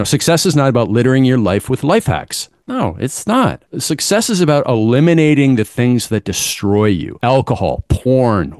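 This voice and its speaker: A man's voice: mid-range voice, darkish tone, no room sound. Male business coach, punchy motivational delivery, dry close sound. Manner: emphatic and blunt, with dismissive asides.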